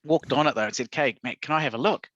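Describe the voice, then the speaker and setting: A man's voice: mid-range voice, fast talker, a bit bright, no echo. A man co-hosting a podcast, telling stories against himself in casual chat. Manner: self-mocking storyteller, laughs at himself. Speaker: podcast co-host. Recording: dull dry lo-fi recording.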